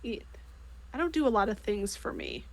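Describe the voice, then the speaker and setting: A woman's voice: mid-range voice, huge pitch swings, moderate pace, creaky. A woman with a Midwestern accent chatting casually as a co-host while she crafts, swearing freely. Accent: Midwestern American.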